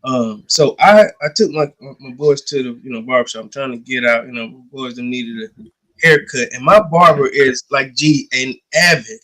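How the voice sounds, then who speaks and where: A man co-hosting a casual sports chat, telling an animated story and acting out the dialogue, with casual, slangy speech. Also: medium pitch, normal speed, poor audio. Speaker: podcast co-host.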